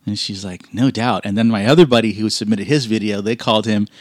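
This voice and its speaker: Laughing man telling lively stories. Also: fairly low pitch, fast, no room sound, studio quality. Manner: animated storyteller, acts out quoted voices, laughs often. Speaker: guest racer. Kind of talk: casual podcast chat.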